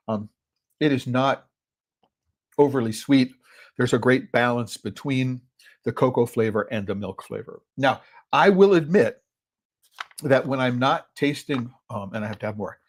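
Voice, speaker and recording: A man hosting a solo podcast as a chocolate critic, talking casually with many fillers and restarts while tasting in his office. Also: mid-range voice. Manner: rambling, filler-heavy, thinks aloud.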